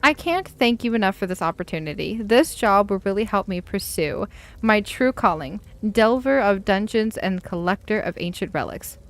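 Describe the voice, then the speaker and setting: High, lively fantasy-game Nord maiden, adventurous and quick to anger as a woman puts her on. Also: close to an everyday voice. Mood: spirited. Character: cheerful adventurous young Nord woman, hot-tempered. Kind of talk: reading a game letter aloud.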